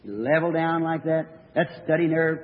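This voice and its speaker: A man's voice: fairly high pitch, a little slow. A man preaching, telling a story in a sermon with folksy rural grammar and earnest emphasis. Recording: old tinny recording of a reverberant hall.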